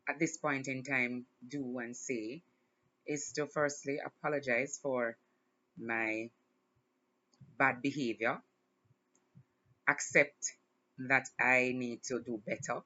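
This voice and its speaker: Woman, bright tone, casual solo talk, slightly dull lo-fi recording. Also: extremely low pitch, fairly even intonation, slow, pauses often. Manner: warm, reflective, smiling through emotion. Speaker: podcast host.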